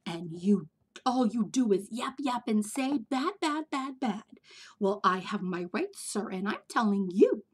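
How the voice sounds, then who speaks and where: A woman's voice: mid-range voice, animated, a little slow, husky. A woman reading a storybook aloud, voicing a greedy male factory owner who talks back defiantly and insistently.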